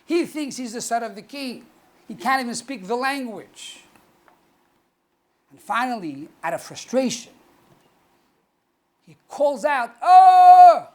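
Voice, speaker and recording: A man, a rabbi, giving a teaching talk, asking rhetorical questions and repeating phrases, slowing down to stress key words. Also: high voice.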